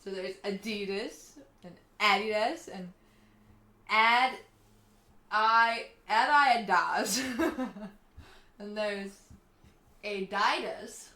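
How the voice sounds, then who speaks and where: A woman's voice: mid-range voice, fairly even intonation, very slow, pauses often, pushed and bright. A young woman chatting casually on a live stream, reading chat and laughing often. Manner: giggly, chatty, reads chat aloud. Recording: echoey room.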